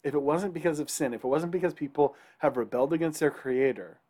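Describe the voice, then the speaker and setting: A man's voice: on the high side, fast talker, darkish tone. Man preaching a conversational sermon. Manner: conversational preaching, frequent "right?" to the congregation. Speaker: pastor.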